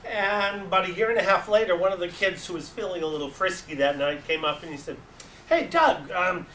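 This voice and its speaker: A man's voice: high voice, fast. A man with a New England accent giving a storytelling presentation to a meeting, acting out voices in his anecdotes. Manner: animated, acts out voices in anecdotes. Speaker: club advisor giving a talk. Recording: echoey room, distant mic, faint hiss.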